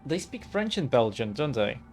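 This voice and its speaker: A man's voice: mid-range voice, sing-song, moderate pace, darkish tone, faint music behind. A young man casually commenting over a video game, rambling and thinking aloud with lots of fillers. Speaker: let's play commentator.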